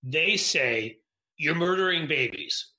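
Bright-voiced man in a roomy echo. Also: fairly high pitch, expressive. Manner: halting, restarts, swears. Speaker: podcast co-host. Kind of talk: political commentary chat.

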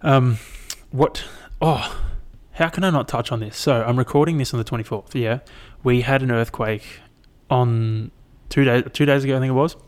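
A man's voice: mid-range voice, moderate pace, hardly any pauses. A young Australian man chatting alone into a mic, rambling and swearing freely as he retells his week. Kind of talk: casual solo chat.

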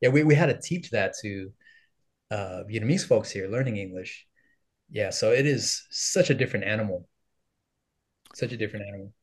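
A man's voice: on the low side, lively intonation, moderate pace, long pauses, husky. A young adult man from the United States, a podcast guest chatting casually, with lots of fillers and frequent laughter. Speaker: podcast guest, content creator. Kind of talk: casual interview conversation.

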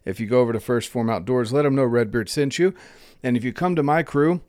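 A man's voice: mid-range voice, fast talker, darkish tone, no echo, clean studio sound. A man hosting a podcast, talking in an upbeat, rambling way as he introduces his guest and reads out his sponsors. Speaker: podcast host.

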